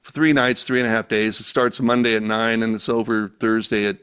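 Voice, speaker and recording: A man's voice: fairly low pitch, flat delivery, brisk, a bit bright, smooth. A man telling a story in casual conversation, acting out the dialogue he quotes, speaking over a video call. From United States. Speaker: guest, event organizer. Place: home, remote call.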